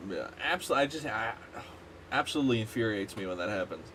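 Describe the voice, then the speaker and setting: A man's voice: lowish voice, animated, a little fast, fairly bright tone, a little hiss or hum. A man streaming a game, chatting casually and ranting animatedly with plenty of swearing. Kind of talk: casual gaming stream chat.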